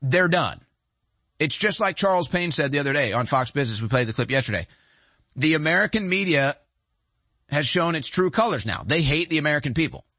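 A man's voice: fairly high pitch, lively intonation, a little fast, pushed and bright, dry recording. A man hosting a talk show, giving emphatic, sarcastic political commentary.

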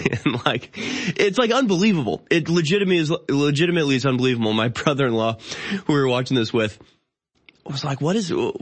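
Man, thirties, talk-show host, opinionated monologue, exasperated, incredulous, sardonic, halting restarts, mid-pitched voice. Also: animated. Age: 30s. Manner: halting, with frequent restarts and fillers.

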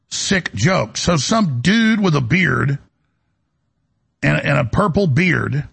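A man's voice: on the high side, a bit bright. A man hosting a talk radio show, delivering a rambling, indignant monologue full of restarts. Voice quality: gravelly, raspy.

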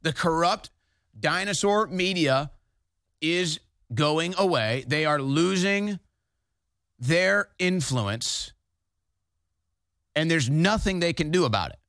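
A man with a fairly high voice rants emphatically as a talk show host, hammering his points home. The sound is close and dry, with no room echo. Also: animated, slow, pauses often, a bit bright. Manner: emphatic, combative ranting. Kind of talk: political talk show commentary.

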